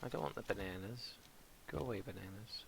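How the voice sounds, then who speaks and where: Gravelly British man chatting through gameplay. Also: fairly low pitch, fairly quick, background noise. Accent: British English. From England. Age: adult with a son. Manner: chatty, rambling, talks to game characters. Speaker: gaming streamer. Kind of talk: casual gameplay commentary. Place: home streaming setup with green screen.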